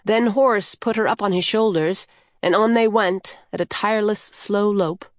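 A woman narrating a storybook in a calm, measured way. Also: medium pitch, no room sound, studio quality. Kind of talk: scripted narration.

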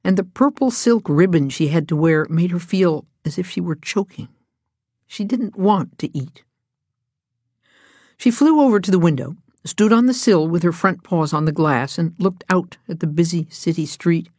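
Woman narrating a children's storybook, low voice, gentle and even, dry close recording. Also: normal speed, no room sound. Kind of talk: storybook reading aloud.

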